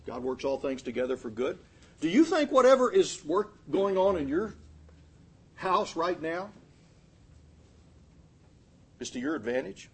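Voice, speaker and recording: Male pastor, middle-aged, husky tone, lively sermon delivery. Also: on the high side, normal speed. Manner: animated, swings from loud emphatic to quiet, acts out quotes.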